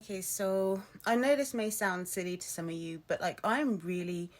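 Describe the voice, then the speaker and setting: A young woman ranting casually to camera, chatty and quick to swear and laugh. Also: medium pitch. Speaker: vlogger. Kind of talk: casual vlog rant.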